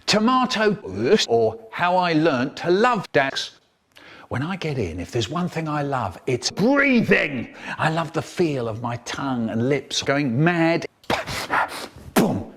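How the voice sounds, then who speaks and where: Lively man telling comic stories. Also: unhurried. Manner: animated storytelling with wild pitch jumps. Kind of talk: comic spoken-word collage.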